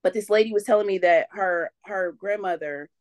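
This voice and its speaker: A young adult woman, a podcast guest telling lively faith stories in casual conversation and acting out what people said. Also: medium pitch, moderate pace. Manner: animated storyteller, acts out quotes.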